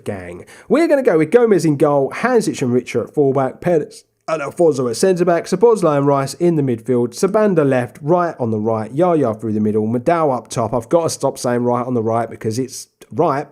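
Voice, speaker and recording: A man in his young adult years talks through a football management game, chatty and relaxed, his voice sitting at an ordinary middle pitch. He rambles along casually, then bursts into loud, excited play-by-play when something goes his way. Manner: chatty, bursts into excited shouting over goals. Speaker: gaming YouTuber. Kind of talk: casual Let's Play commentary.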